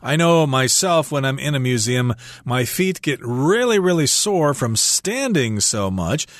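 A man of ordinary pitch talks through an English lesson dialogue at an even, friendly pace. The voice sits close to the mic in a dry studio. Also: unhurried, dry recording. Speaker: English teacher co-host. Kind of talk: radio English lesson explanation.

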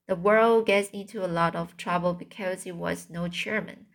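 A woman voicing a tiny, bossy male mouse schoolteacher in a storybook reading, brisk and dismissive, now and then stumbling over long words. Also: lowish voice, steady tone, close to an everyday voice.

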